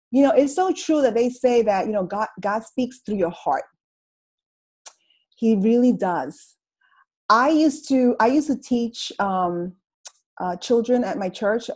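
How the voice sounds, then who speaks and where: Animated, comical woman on a video call. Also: mid-range voice, poor audio. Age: middle-aged. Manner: animated, comical, slangy storytelling. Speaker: guest speaker sharing her story. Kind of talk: casual motivational talk on a video call.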